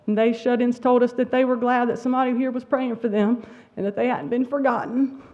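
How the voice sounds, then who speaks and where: A woman's voice: a little high, fairly even intonation, a little fast. A middle-aged woman teacher speaking at a church school awards service, emotional and trying not to cry. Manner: emotional, near tears. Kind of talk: award ceremony speech. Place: church sanctuary. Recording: dull lo-fi sound.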